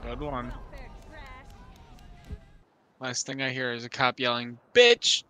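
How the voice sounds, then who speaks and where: A man's voice: medium pitch, completely flat delivery, slow pace, bright, forceful tone, a little hiss or hum. A man chatting casually while playing a game with friends, joking and swearing often. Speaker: gamer streaming with friends.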